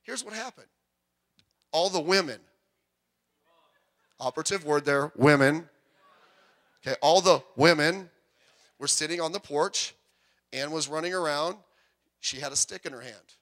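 An older man preaching a sermon, telling personal stories with animated swings between loud emphasis and quiet asides. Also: fairly high pitch, moderate pace, long pauses. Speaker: pastor.

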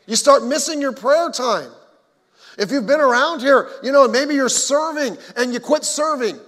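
A man's voice: extremely high pitch, expressive, normal speed, a bit bright. A man preaching a conversational sermon as pastor, folksy, with joking asides to the congregation. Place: church sanctuary. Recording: long hall reverb.

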